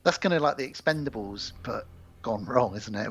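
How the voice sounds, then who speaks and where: A man co-hosting a casual podcast, retelling a film plot with quick acted voices and casual swearing. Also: medium pitch, animated. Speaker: podcast co-host. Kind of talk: casual film review chat. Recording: slightly dull, lo-fi podcast audio.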